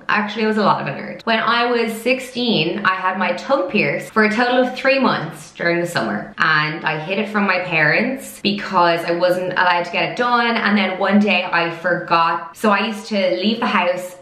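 A woman of twenty-five chatting to camera in a fast, loud, storytelling way. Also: mid-range voice. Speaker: vlogger. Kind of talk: casual chat to camera. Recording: echoey room.

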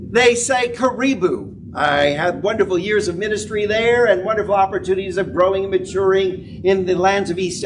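Male pastor, sermon, high voice, heard from a distance, noisy room. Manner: animated storytelling with big pitch swings.

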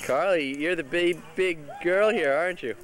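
On the high side and moderately paced, this man's voice comes through a noisy backyard party recording. He's the one behind the camcorder, casually narrating a suburban home movie while he directs and cheers the kids. The built-in mic picks up the surrounding crowd chatter.

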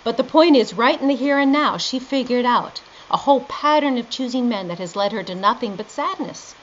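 Lively woman lecturing on dreams, plays out the back-and-forth, kinda muffled lo-fi recording. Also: on the high side, brisk. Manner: animated storytelling, quoting both sides of a conversation. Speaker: dream interpretation teacher. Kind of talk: lively lecture with acted-out dialogue. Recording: dull lo-fi lecture recording with faint noise.

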